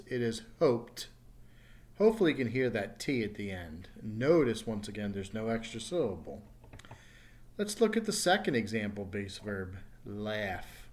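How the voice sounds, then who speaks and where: Man slowly teaching pronunciation. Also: lowish voice. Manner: slow, careful enunciation of example words. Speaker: ESL teacher. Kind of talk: recorded pronunciation lesson.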